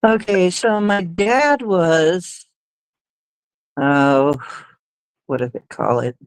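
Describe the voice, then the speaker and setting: A woman's voice: fairly low pitch, drawn-out words, clear, resonant tone, dry recording, low-quality recording. A woman hosting a livestream, telling stories in a rambling, hesitant way with many fillers and little laughs. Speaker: livestream host. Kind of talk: casual storytelling chat.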